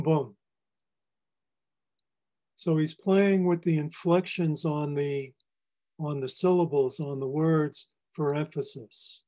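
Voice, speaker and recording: A poet giving a library lecture on poetry, explaining lines in a measured, teacherly way. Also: male voice, fairly high pitch, mellow. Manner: measured, explanatory, reads lines aloud for emphasis. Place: public library presentation.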